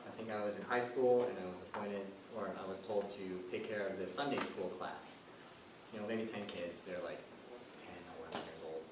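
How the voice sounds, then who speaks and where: A man's voice: low voice, fairly even intonation, fairly quick. A man giving a chatty impromptu speech at a club meeting, telling a personal story. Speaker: club speaker. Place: meeting room. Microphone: distant room mic. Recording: echoey room, far off, noisy.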